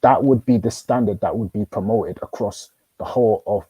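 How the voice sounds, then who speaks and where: A man's voice: fairly low pitch, normal speed, mellow, slightly rough, no echo, rough recording. A man arguing in a casual debate, probing with questions and stumbling through many restarts. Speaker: host.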